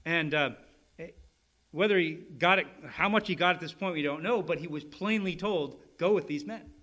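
A male pastor preaches in a slightly high voice that sounds pushed and bright, keeping a moderate pace. Step by step he explains his points, often starting over and asking listeners "right?"

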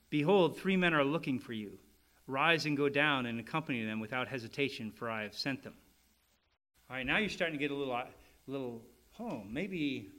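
A man's voice: medium pitch, a bit bright. A man preaching a sermon, teaching step by step and checking in with his listeners. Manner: restarts often, asks "right?" to the listeners, explains step by step. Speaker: pastor.

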